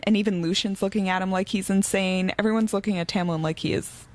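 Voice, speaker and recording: A woman's voice: medium pitch, steady tone, fast. A young woman co-hosting a book podcast, casually retelling a story and acting out the characters' lines. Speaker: podcast co-host. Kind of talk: casual book-club chat.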